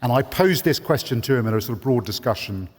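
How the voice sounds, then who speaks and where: A man's voice: medium pitch, animated, fast, darkish tone. Hesitant man moderating in a hall. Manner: hesitant, with many ums and restarts. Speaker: panel moderator. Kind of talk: conference panel introduction. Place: large conference hall. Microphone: handheld microphone. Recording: long hall reverb.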